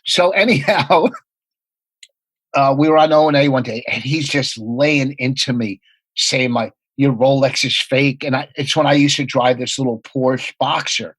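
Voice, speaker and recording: A man telling rapid, profane comedy anecdotes in a casual podcast chat. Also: medium pitch, a bit bright, slightly rough, dry recording, rough recording. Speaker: comedian guest.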